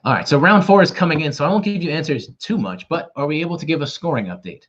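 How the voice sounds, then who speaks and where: A man's voice: a little high, expressive, fast, a bit bright. A man hosting a casual trivia livestream, joking around and rambling in a self-deprecating way. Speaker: quiz host. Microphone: camera mic. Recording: dull lo-fi livestream audio.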